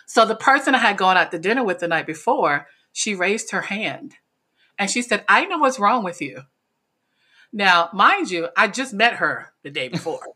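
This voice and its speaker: A middle-aged woman from North Carolina speaks as an interview guest with a bright, clear tone. She is animated, laughs easily and acts out the lines of people in her story. Her pitch sits in an ordinary middle range. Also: normal speed. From North Carolina, USA. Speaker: podcast guest, speaker and coach.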